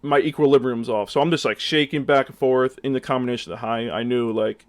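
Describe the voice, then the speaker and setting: A young adult man with a medium-pitched, steady voice tells a casual storytime for his vlog at a quick pace with few pauses. He rambles, leans heavily on fillers, and animatedly acts out his own lines.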